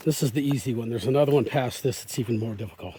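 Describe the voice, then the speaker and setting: A man's voice: medium pitch, quick pace, slight background noise. A man vlogging while hiking a forest trail, rambling casually into a phone he holds in his hand. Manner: rambling, chatty, talks softly to deer. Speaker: hiker vlogger. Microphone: phone held in hand.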